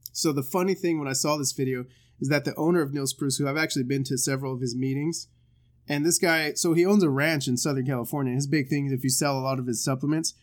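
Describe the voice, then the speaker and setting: A man of middle pitch talks through a video he is watching with a friend. His delivery is loose and conversational, peppered with swearing and quick laughs. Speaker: reaction video host. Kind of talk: casual reaction commentary.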